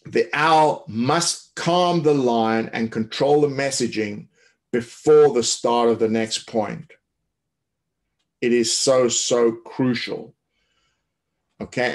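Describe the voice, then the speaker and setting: A man giving a coaching webinar, explaining in a loose way with many fillers and restarts. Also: mid-range voice. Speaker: tennis coach. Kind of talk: webinar talk.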